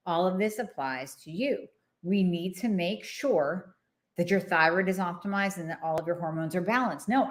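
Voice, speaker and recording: A middle-aged woman doctor gives a straight-talking health talk to her viewers. Her voice sits a little low, and she delivers her points with blunt emphasis and casual asides. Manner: blunt, emphatic, conversational, with asides and acted quotes. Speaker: hormone doctor and host. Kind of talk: direct-to-camera health talk.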